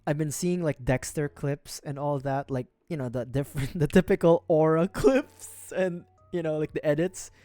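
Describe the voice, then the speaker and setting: A man's voice: on the high side, moderate pace, hardly any pauses, warm tone, no room sound, soft background music. A man from the Philippines who hosts a livestream, chatting casually and rambling with joking asides while building a model kit. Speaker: livestream host. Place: home streaming setup.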